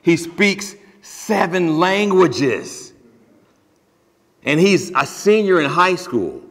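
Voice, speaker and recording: Slow, very animated, and a bit bright, this man's voice sits a little high. He is a pastor from Ohio preaching in a church sanctuary with emphatic, conversational plain speech, heard through long church reverb.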